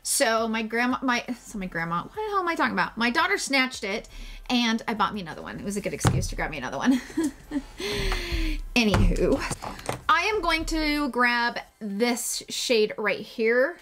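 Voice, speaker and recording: Beauty vlogger, woman, higher voice, chatty and gushy, self-mocking with casual swearing. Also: very animated, normal speed, background noise. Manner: chatty and gushing, jokes at herself. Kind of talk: casual makeup tutorial.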